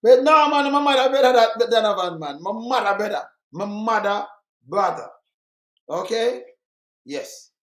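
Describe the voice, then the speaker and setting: Blunt older Jamaican man, high voice. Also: lively intonation, normal speed, fairly bright tone, roomy sound. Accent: Jamaican Patois. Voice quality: talks in Jamaican Patois, blunt and emphatic. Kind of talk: casual chat.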